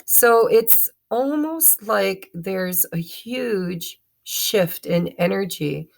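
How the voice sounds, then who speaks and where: A woman's voice: medium pitch, expressive, extremely slow, gravelly. A woman giving a chatty tarot reading to her viewers, often stumbling and correcting herself as she goes. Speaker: tarot reader. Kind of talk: casual tarot reading to camera.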